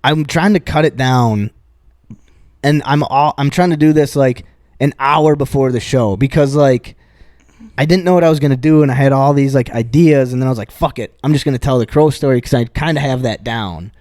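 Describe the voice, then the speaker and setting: A man's voice: mid-range voice, normal speed, a little mellow, no echo, studio quality. A man co-hosting a podcast, retelling a stand-up bit in a casual, rambling way full of swearing and restarts. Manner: rambling, profane, many restarts and fillers. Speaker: podcast co-host.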